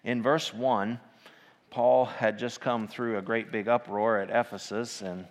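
A man preaching an informal sermon, talking in a halting way with many fillers and restarts and reading scripture aloud. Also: lowish voice, steady tone. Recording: long hall reverb.

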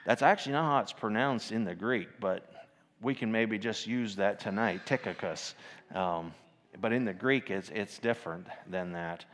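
A man preaching an informal sermon, talking in a halting way with many fillers and restarts and reading scripture aloud. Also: lowish voice, fairly bright tone, slight background noise. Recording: long hall reverb.

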